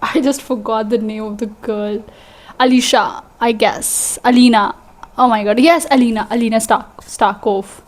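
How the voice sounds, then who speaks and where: A woman's voice: on the high side, moderate pace. Chatty young woman with Indian accent. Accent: Indian English. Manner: chatty, excitable, rambling with fillers and restarts. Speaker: book vlogger. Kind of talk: casual vlog chat.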